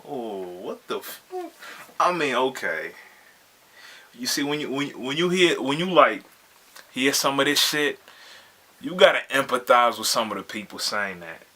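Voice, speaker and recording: A man's voice: mid-range voice, expressive, unhurried, pauses often, bright, forceful tone. A man hosting a reaction video, commenting casually in laid-back slang and often asking "you feel me".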